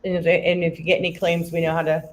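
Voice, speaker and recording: A woman's voice: on the low side, level tone, quick pace, a little hiss or hum, low-quality recording. A woman guesting on a livestream, talking casually with frequent laughs and swearing.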